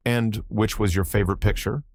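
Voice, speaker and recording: A man's voice: lowish voice, steady tone, a little fast, darkish tone, no room sound, clean studio sound, natural voice. A man doing a teasing, bold young woman. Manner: arch, playfully needling. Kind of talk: audiobook character reading.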